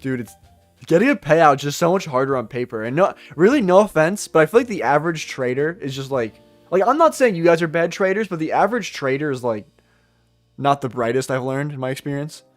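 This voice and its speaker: A young man with a slightly high voice hosts a trading livestream and chats in a loose, slangy way, answering viewer comments with quick jokes. Faint music plays quietly behind him. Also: animated. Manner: loose, joking, slangy, reacts to chat with quick laughs. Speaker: livestream day trader. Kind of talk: casual livestream chat reading viewer comments.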